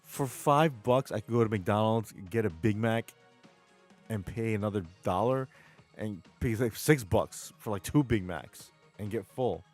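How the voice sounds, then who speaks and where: A rambling streamer with a New York accent and a low voice, talking to his chat between game rounds. Faint music plays under his casual talk. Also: measured pace, a little mellow. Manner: chatty, rambling, reads chat aloud. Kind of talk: casual live-stream chat while gaming.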